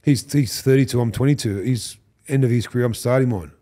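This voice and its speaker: A man's voice: mid-range voice, fairly quick. A man in his fifties with an Australian accent tells stories on a podcast. He acts out what other people said and swears freely in casual chat. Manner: animated storyteller who acts out quotes, swears and laughs. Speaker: podcast guest, former rugby league player.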